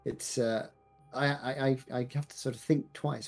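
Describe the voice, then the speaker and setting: A man's voice: mid-range voice, steady tone, normal speed, creaky, a little mellow, soft background music. A man casually chatting as a podcast co-host, thoughtful and rambling with frequent restarts. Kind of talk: casual chat.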